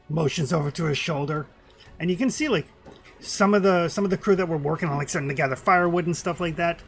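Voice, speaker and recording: A man running a tabletop game, describing the scene casually and leaning on fillers like kinda and like. His voice sits a bit high, with faint music behind him. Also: gravelly, fairly bright tone. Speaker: game master.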